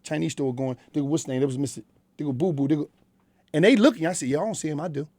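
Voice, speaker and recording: Fast-talking Philadelphia man, blunt. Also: fairly high pitch, warm tone, no echo. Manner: blunt, profane street storytelling. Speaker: guest. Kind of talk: candid interview talk. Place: radio studio.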